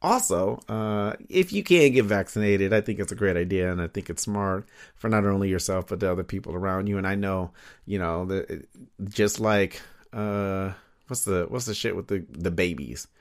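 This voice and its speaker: A man's voice: low voice, normal speed. Rambling, laughing man hosting a podcast. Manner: rambling, laughs often, heavy fillers and swearing. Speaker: podcast host. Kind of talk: casual solo podcast chat. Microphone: studio microphone.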